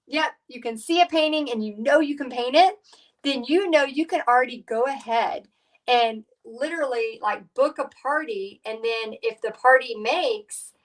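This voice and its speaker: A woman's voice: on the high side, a bit bright, far from the mic, rough recording. A middle-aged woman, chatting through a live painting tutorial in a rambling, storytelling way with lots of fillers. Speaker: painting instructor.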